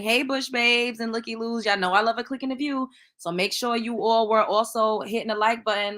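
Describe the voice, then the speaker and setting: A woman's voice: mid-range voice, a bit bright. A woman hosting a casual livestream, a bit congested, chatting straight to her viewers. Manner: conversational, talking to chat viewers. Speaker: livestream host.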